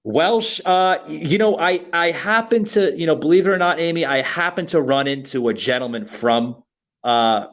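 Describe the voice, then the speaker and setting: A man from Florida co-hosting a podcast, speaking haltingly with repeated words and constant you-knows. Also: a little high, fairly bright tone, rough recording. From Florida, USA. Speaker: podcast co-host. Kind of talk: casual podcast interview.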